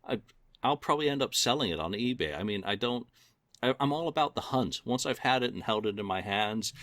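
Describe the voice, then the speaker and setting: A man's voice: mid-range voice, animated, fairly quick, a bit bright, no echo. A man hosting a casual podcast chat, rambling and self-deprecating with lots of fillers. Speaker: podcast host.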